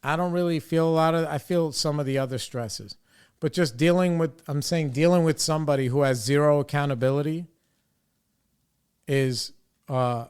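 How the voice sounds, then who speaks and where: A man's voice: on the high side, clear, resonant tone. A young man hosting a podcast, telling a frustrated story in a casual, profane way and quoting others in his own voice. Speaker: podcast host.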